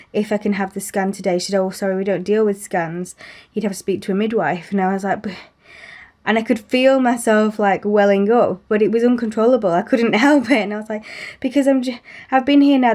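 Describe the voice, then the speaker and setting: A woman's voice: medium pitch, darkish tone. A young woman telling a story in a chatty way to her camera, laughing often and acting out the quotes. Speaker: vlogger sharing pregnancy updates. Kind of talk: casual chat.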